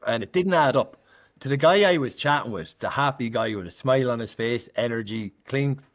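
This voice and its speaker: A man talks through his own recovery story in a relaxed interview. He is candid and conversational, peppering his speech with fillers and slipping into the voices of the people in his account. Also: medium pitch, fairly quick, lo-fi sound. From Ireland. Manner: candid, frequent "like" fillers, acts out quoted dialogue. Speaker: guest sharing recovery story.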